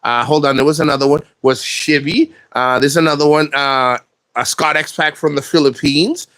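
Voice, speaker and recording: Man, slightly high voice, blunt, lots of swearing, rambling, dry close sound. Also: fairly even intonation, normal speed, a bit bright, no echo. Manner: blunt and profane, rambling with restarts. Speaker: vlogger. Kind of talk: casual monologue to camera.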